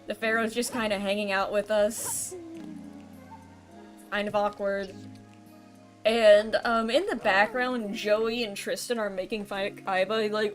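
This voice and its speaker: Over soft background music, a woman streamer chats casually while gaming, rambling through a recap full of ums and self-corrections. Her voice is mid-range and steady in tone, a little slow.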